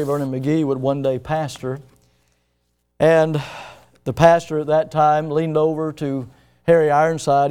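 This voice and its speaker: A pastor preaching a sermon, building to loud, emphatic questions and dropping low when he retells a story. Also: clear, resonant tone.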